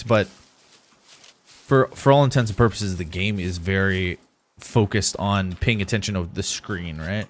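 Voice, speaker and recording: A man's voice: low-pitched, a little slow. A young man streaming a survival game live, chatting casually with viewers as he plays. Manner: casual, rambling, talks to chat while playing. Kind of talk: live gameplay commentary.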